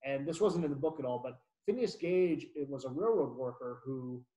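Over a video call, a man hosts an online book club, chatting casually about books in a rambling way. He often corrects himself and laughs a lot. His mid-range voice is warm and moderately paced, though the audio quality is poor.

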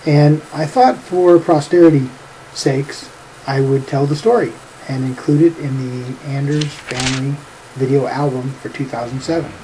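A man's voice: medium pitch, moderate pace, mellow, a little hiss or hum, rough recording. A middle-aged man narrating a family anecdote for a home video with a dry, teasing humor, chuckling at his own jokes. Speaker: family storyteller.

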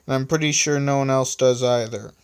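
A man's voice: medium pitch, fairly even intonation, brisk, clear, resonant tone, lightly acted. A man voicing a commanding, impatient female leader in a homemade story reading. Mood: bossy. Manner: commanding, irritated.

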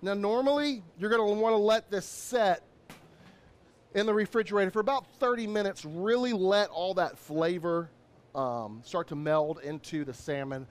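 Male chef, upbeat and chatty, high-pitched, cooking demo host. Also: moderate pace. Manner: upbeat, chatty, lots of shout-outs.

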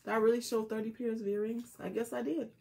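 A chatty woman runs a live jewelry sale, her voice sitting a little high. She talks casually to viewers, calling them y'all and mama, and repeats each item code. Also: little pitch movement, fast, gravelly, a little mellow. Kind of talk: casual live selling chat.

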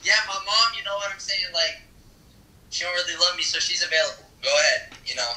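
A man's voice: sits high, a little fast. A man chatting loosely on a video call, slangy and laughing. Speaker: video-chat stranger. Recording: echoey video-chat audio, crowd behind.

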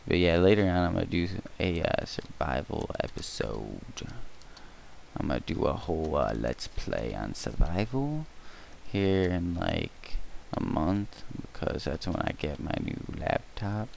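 A young man rambling through casual building commentary for a gaming tutorial, goofy and joking, with a gravelly voice on a cheap mic. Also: sits low, sing-song, unhurried, darkish tone, a little hiss or hum. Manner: goofy, rambling, breaks into silly singing and mock threats. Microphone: cheap mic with echo.

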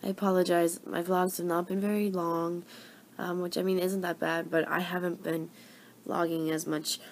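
A woman's voice: lowish voice, normal speed, slight background noise. A young woman talking casually in a daily vlog, chatty and apologetic, often tired. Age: young adult. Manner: gushing excitement around animals. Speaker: vlogger.

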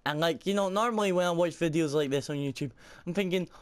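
A man's voice: a little high, quick pace, hardly any pauses, noisy background. A young man commenting on a game from his room at home, frustrated, swearing and laughing at himself. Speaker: gaming YouTuber. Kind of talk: let's-play commentary. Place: room at home with window open. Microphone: microphone at computer.

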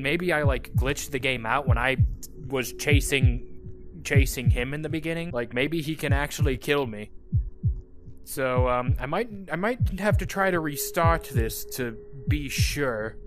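A young man commenting on a VR game he is playing, joking and swearing, with sudden shrieks and yells when he is chased. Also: medium pitch. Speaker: gaming streamer. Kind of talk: VR gameplay commentary.

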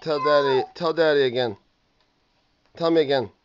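A father in a home video gently coaxing his toddler, repeating questions and prompts over and over. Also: on the high side, normal speed. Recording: muffled home video with faint noise.

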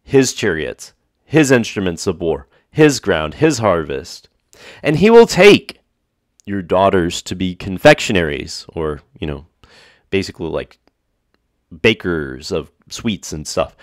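A man's voice: fairly low pitch, no echo, studio quality. A man preaching a sermon, reading scripture aloud and stressing points by repeating phrases.

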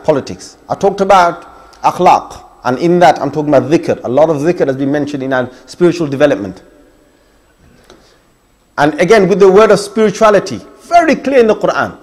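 A middle-aged man giving an emphatic Islamic lecture, listing points and challenging his listeners directly. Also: high voice. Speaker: Islamic preacher. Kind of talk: religious lecture.

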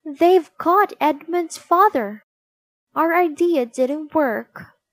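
An excited young girl cries out in a storybook, voiced by a woman reader. Her voice jumps high and lively. The sound is dry and close. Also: slow, no echo, full character voice. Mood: dismayed.

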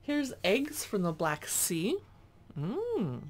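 A woman's voice: medium pitch, huge pitch swings, drawn-out words, a little hiss or hum. A woman chatting casually as she pages through a cookbook, reading dish names aloud with little asides. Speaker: cookbook reviewer.

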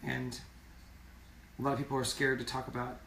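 A man's voice: medium pitch, flat delivery, moderate pace, vocal fry, a bit bright, slight background noise. A man singer in a casual live video chat, speaking earnestly and repeating words for emphasis. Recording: roomy sound from far off.

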